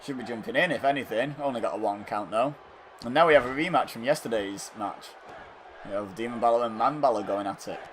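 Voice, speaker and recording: Talking fast in a medium-pitched voice, a man casually commentates on a wrestling video game, swinging from loud outbursts to dry remarks. Some chatter and slight noise can be heard in the background.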